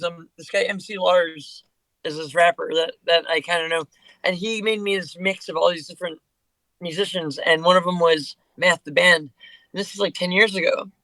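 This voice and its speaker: A man with a high, bright voice chats as a guest musician on a podcast. He rambles loosely, restarting his sentences often. The recording is dry and close. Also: no room sound, poor audio. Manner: rambling, with many fillers and restarts. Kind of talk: casual podcast conversation.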